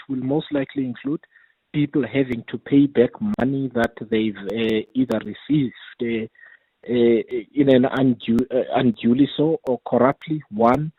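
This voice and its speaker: A man speaks in a measured, methodical way, often repeating a word as he lines up his next point. His voice is husky and comes through a tinny phone line. The sound is dry, with no room around it. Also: medium pitch, dry recording. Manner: measured, repeats words while building points. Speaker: parliamentary committee chair, guest. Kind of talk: radio interview over the phone.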